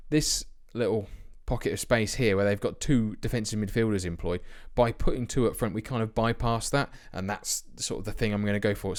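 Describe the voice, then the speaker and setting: A young man casually commentating his football management game, chatty and self-mocking, with sudden bursts of excitement. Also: on the low side. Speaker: let's play host.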